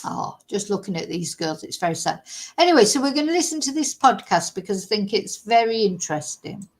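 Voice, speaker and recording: A woman's voice: medium pitch, expressive, brisk. A woman commenting casually on a true crime story during a live stream, rambling with many fillers.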